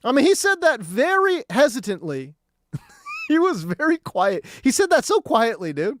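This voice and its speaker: A man's voice: very high-pitched, wildly swooping pitch, moderate pace, dry recording, clean studio sound. A man hosting a sports talk radio stream, slangy and incredulous.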